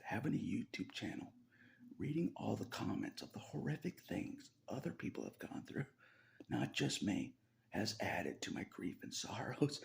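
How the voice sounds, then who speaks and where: A man's voice: sits low, creaky. A man hosting his own channel, talking in a rambling confessional monologue that he often half-whispers, swearing casually and laughing between lines. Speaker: YouTube channel host.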